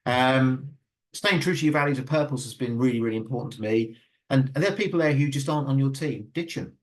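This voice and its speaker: A man's voice: mid-range voice, fast. A middle-aged man giving an earnest talk with audience questions, full of fillers and stammered restarts. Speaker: guest speaker.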